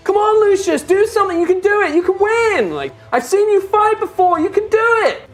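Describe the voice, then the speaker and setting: A woman voicing a young female companion in a tabletop game, high and encouraging. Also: big pitch swings, fairly quick, faint music behind.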